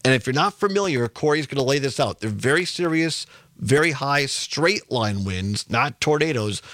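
Slow-talking man with a numb mouth. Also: medium pitch, fairly bright tone, dry recording. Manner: slow, careful, self-deprecating. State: mouth numb from dental anesthetic. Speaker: radio talk show host. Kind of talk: live radio talk. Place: radio studio. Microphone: studio microphone.

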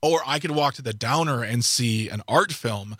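A man with a bright, forceful voice talks in a relaxed, storytelling way, dropping quick asides. The sound is close and dry, as in a small studio. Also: medium pitch, slightly rough, no echo. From Milwaukee. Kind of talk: casual radio chat.

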